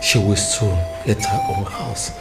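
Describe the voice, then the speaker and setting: A man's voice: on the low side, fairly even intonation, very noisy. A dying Nigerian father. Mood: tender. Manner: slow, solemn, halting phrases. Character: dying father, older man, grave and gentle. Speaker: actor in a film drama. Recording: film soundtrack with loud background music.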